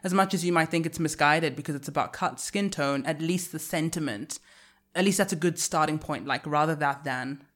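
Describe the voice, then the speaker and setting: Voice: mid-range voice, fairly quick, fairly bright tone. Reflective podcast co-host thinking aloud. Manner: thinks aloud, with frequent restarts and trailing clauses. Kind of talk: reflective casual conversation.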